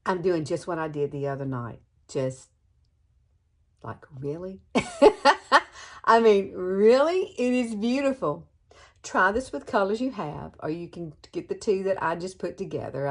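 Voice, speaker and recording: A woman in her sixties giving a chatty, enthusiastic makeup tutorial to the camera, calling her viewers girlfriends. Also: sits low. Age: 60s. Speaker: beauty vlogger.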